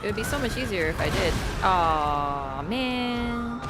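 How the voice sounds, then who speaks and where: Excitable woman streaming a game. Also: medium pitch, brisk. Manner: excitable, swears often, yelps when startled. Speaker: streamer playing a video game. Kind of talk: casual live-stream gaming chat. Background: game music.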